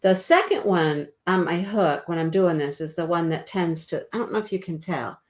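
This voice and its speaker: A woman's voice: lowish voice, normal speed. A woman co-hosting a live crochet stream, telling stories and chatting casually. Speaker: co-host of a crochet livestream. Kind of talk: casual chat.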